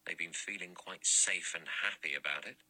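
A man's voice: low voice, normal speed, bright, forceful tone, heavily acted, rough recording. A man reading an audiobook, voicing a blunt, aggressive man who argues in plain slang.

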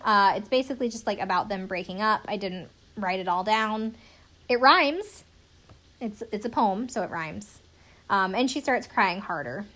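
A woman's voice: mid-range voice, fairly bright tone. Chatty sarcastic woman in her twenties. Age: 20s. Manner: chatty and sarcastic, swears casually. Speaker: podcast host recapping a reality show. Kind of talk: casual chat.

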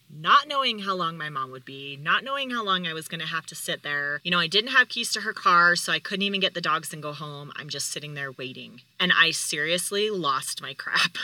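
A woman's voice: lowish voice, bright, forceful tone, dry recording, poor audio. A woman hosting a podcast, telling a personal story in a candid, heartfelt, conversational way. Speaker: podcast host.

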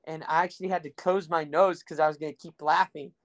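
A young man from South Texas rambles through a crude anecdote for his podcast. His voice sits a touch higher than most men's. He fills the gaps with ums and asides, and he jokes at his own expense. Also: fairly even intonation, fast. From Rio Grande Valley, Texas. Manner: rambling, crude, joking, full of fillers. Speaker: podcast host. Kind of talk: casual storytelling podcast.

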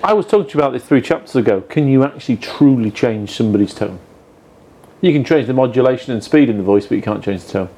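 A blunt man speaks his mind in casual podcast talk, swearing freely as he makes his points. His voice is mellow and dark, sitting in a middle pitch. He reads bits from a book aloud as he argues. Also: lively intonation, quick pace, breathy edge. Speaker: podcast co-host. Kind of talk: casual chat about sales.

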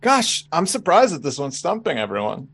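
A man with a Boston accent, mid-pitched and lively in his intonation, teasing his co-host in a casual chat. His voice is close and dry, with no room sound. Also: normal speed, breathy edge, dry recording. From Boston area. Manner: teasing, reads out chat comments.

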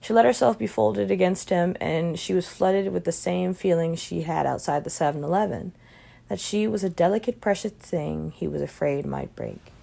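A woman reading a short story aloud, her voice low and noticeably gravelly with vocal fry. She keeps a calm, even narrating pace throughout. The delivery is unhurried and steady. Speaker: reader.

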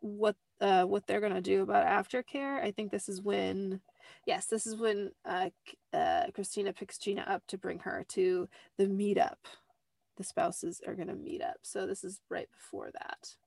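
A woman's voice: medium pitch, steady tone, normal speed, gravelly, a little mellow, no room sound. A woman hosting a podcast in a cramped little room, rambling with lots of fillers while recapping a show. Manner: rambling, many "like" fillers, apologetic asides. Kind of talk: casual chat. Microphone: close desk mic.

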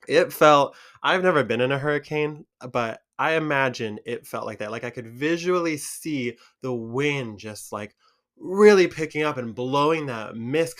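A medium-pitched male vlogger from Michigan, Michigan accent and all, chats casually to camera. He's animated and uses plenty of fillers.

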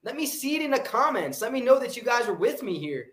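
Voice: medium pitch, animated, a little fast, few pauses. A motivational livestream host giving an unscripted, intense and profane pep talk, often breaking off to answer viewer comments. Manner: intense, profane, repetitive hype. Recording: roomy echoey room.

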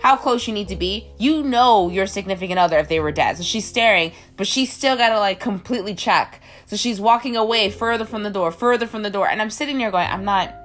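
A woman's voice: brisk, hardly any pauses, fairly bright tone, faint music behind. A woman casually reviewing a film, incredulous and rambling, filling her talk with "like" and squealing the characters' lines. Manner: incredulous, rambling, heavy use of "like"; acts out characters' lines in squealing high voices. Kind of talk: casual movie review rant.

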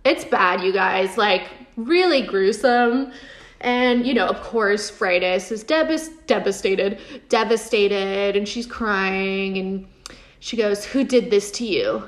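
A woman casually recapping a TV episode in a chatty way, full of fillers and quick laughs. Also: medium pitch. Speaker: show recap host. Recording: roomy echo.

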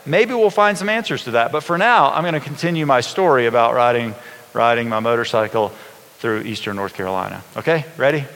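A man, a pastor, preaching a sermon in a relaxed storytelling way, often asking his congregation questions. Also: medium pitch, fairly quick. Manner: conversational, folksy, asks the congregation questions. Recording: long hall reverb.

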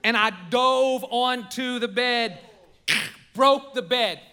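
A man in his forties preaches to his congregation in a bright, forceful voice. His delivery is animated and full of stories and jokes. He speaks a little higher than most men. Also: slow pace, smooth. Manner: animated storytelling, joking with the congregation. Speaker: pastor. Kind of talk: sermon. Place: church sanctuary.

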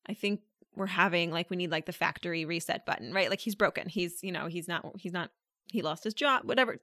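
A woman's voice: medium pitch, fairly bright tone, no echo, clean studio sound. A woman hosting a solo coaching podcast, speaking directly and conversationally as she quotes her listeners' questions and answers them. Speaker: podcast host and life coach.

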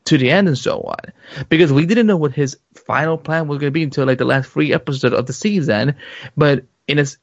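Man, podcast co-host, excitable casual chat, higher voice, muffled recording. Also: no room sound. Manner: animated, many restarts, excitable. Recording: dull muffled lo-fi sound.

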